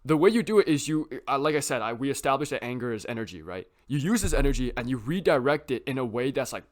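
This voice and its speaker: A young man talking casually to camera about self-improvement, rambling with lots of filler words and tag questions. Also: mid-range voice. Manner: rambling, heavy use of "like" and "right?".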